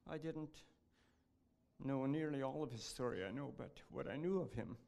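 An earnest man speaks at a church gathering, pausing and restarting as he reads a devotional passage aloud. His voice sits at an ordinary pitch with a gravelly, creaky edge. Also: darkish tone. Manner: earnest, halting delivery. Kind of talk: devotional talk, reading aloud.

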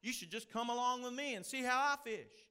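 A man's voice: very high voice, brisk, sharp tone, clean tone, voice pushed up. A man putting on a broad Southern accent to tell a folksy tale about a boastful fisherman, in a drawling yarn-spinning manner. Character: boastful rural Southern male fisherman storyteller.

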